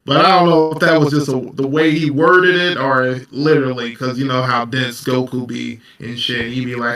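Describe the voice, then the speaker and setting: Male host, bright and laid-back, recorded a little off-mic in an echoey room. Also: medium pitch, fairly even intonation, moderate pace, hardly any pauses, recorded from a distance. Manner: laid-back, laughing, profane. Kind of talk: casual anime discussion.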